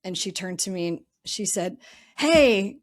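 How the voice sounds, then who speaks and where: A woman's voice: on the low side, flat delivery, moderate pace. Chatty woman investor on a podcast. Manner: chatty, lots of "um" and "you know", thinks aloud. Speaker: podcast guest, real estate investor. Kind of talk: casual interview talk.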